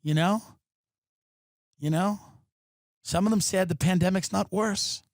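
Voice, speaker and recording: A man's voice: high voice, measured pace, no room sound, studio quality. A man hosting a podcast, delivering an exasperated, profane comedic rant from his apartment. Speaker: podcast host. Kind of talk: ranting comedic monologue.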